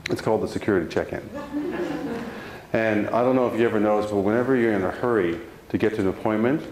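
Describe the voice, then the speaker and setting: A man giving a live motivational talk to an audience, telling a personal story with animated delivery and frequent restarts. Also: lowish voice, fast. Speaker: motivational speaker. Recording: roomy hall sound, faint background noise.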